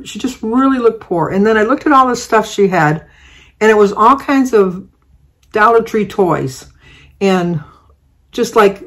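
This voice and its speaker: An older woman vlogger telling a rambling, chatty everyday story, full of fillers and restarts. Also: mid-range voice. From Michigan, United States. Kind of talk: casual storytelling.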